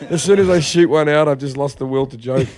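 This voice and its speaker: A man's voice: on the high side, brisk, a little mellow. A man in his thirties joking crudely with friends as a comedy podcast co-host. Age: 30s. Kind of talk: casual chat.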